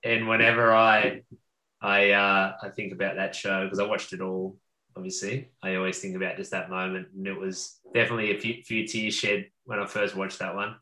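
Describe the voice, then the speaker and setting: A man co-hosting a podcast, talking in an earnest, reflective and relaxed way during casual chat. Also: deep voice, normal speed. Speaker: podcast co-host. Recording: echoey room.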